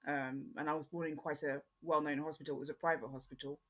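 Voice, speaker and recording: A woman born in Jamaica, speaking with an English accent, hosting her own podcast in a chatty, rambling way with frequent pauses. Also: deep voice, steady tone, fairly bright tone. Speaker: podcast host. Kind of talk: casual solo podcast chat.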